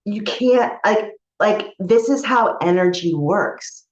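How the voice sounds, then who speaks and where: A woman's voice: medium pitch, lively intonation, slow. A woman who coaches others on spiritual matters, telling a personal story in a candid, rambling way, with restarts and casual swearing. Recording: echoey room, dull lo-fi sound.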